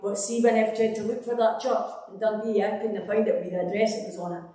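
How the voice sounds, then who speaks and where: A woman's voice: medium pitch, level tone, fast talker, warm tone. A Scottish woman giving a rambling, conversational church testimony, full of fillers and restarts. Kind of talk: personal testimony in a church service. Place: church hall. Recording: echoey hall, distant mic.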